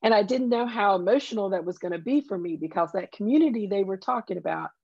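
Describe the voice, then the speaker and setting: A woman's voice: mid-range voice, expressive, quick pace, gravelly, darkish tone, slightly rough, dry recording, lo-fi sound. A woman with a Southern accent, a guest telling personal stories in an earnest, heartfelt way. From Southern US countryside. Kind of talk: conversational interview.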